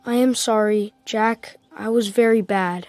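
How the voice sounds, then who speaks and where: A woman voicing a sensitive young boy in a slow storybook for learners, speaking simple lines clearly. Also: a little high, steady tone, darkish tone, dry recording, close to an everyday voice. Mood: apologetic. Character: young boy on his birthday, sensitive and emotional. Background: background music.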